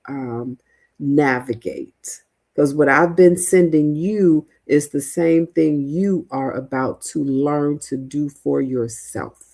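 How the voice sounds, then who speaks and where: Middle-aged woman, livestream host, deep and mellow, unhurried, chatty and rambling. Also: gravelly. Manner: chatty, rambling, many fillers and restarts. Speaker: livestream host, veteran housing mentor. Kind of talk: casual livestream chat reading viewer comments.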